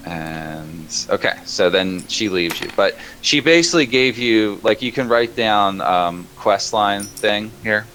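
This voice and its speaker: A man's voice: fairly low pitch, expressive, unhurried, few pauses, a bit bright, soft background music. A man running a tabletop game as game master, narrating loosely with many fillers. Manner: loose, rambling, lots of fillers.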